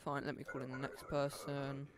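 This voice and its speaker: A gamer giving casual gameplay commentary, muttering to themself and talking back to the characters on screen, playful and quick to laugh. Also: mid-range voice, completely flat delivery, a little hiss or hum. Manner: mutters to self, talks to game characters; playful, laughs and hums along. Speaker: let's play gamer.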